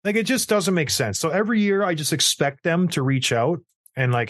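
A man's voice: fairly high pitch, fairly quick, no room sound, studio quality. A man in his thirties hosting a casual hockey talk show, ranting and acting out the people in his stories. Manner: animated, ranting storyteller who acts out quotes. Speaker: podcast host, former hockey player.

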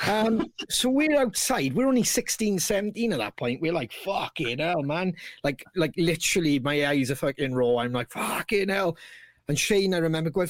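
A man's voice: fairly high pitch, normal speed, no room sound. A man hosting a casual chat and telling stories full of swearing and laughter. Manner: animated, laughing, heavy swearing. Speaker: podcast host.

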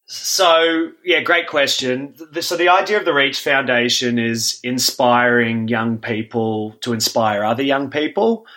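A man's voice: medium pitch, a little slow. A man, a guest facilitator talking loosely in a casual podcast chat with many ums. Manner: relaxed, loose, often says 'um'. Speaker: guest, men's group facilitator.

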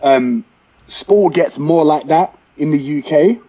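A man with a London accent, hosting a podcast as a chatty, animated storyteller who talks casually with lots of fillers. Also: fairly high pitch, takes it slowly, highs cut off. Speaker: podcast host. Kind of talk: casual chat.

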